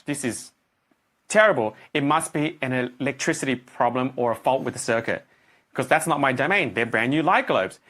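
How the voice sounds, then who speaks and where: A middle-aged man coaching a group, telling a story and acting out his own reactions. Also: mid-range voice. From Australia. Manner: animated, acts out his own reactions and voices.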